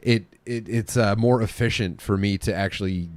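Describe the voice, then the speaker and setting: A man's voice: lowish voice, steady tone, normal speed, a little mellow. A man co-hosting a podcast, making dry, wry remarks in casual chat. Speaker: podcast co-host.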